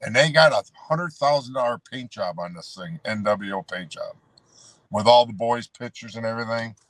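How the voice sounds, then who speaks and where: Here a man with a medium-pitched, slightly bright voice talks at a moderate pace, with no room sound on the track. He's an ex-pro wrestler on as a guest, casually rambling through tales from the road, addressing the host as "brother" and saying "you know" a lot.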